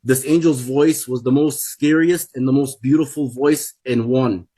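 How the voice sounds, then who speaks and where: Husky guy in his 40s, repeats himself a lot, emphatic storytelling. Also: medium pitch, fairly even intonation, a little slow, dark tone. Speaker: guest giving a testimony. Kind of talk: personal testimony.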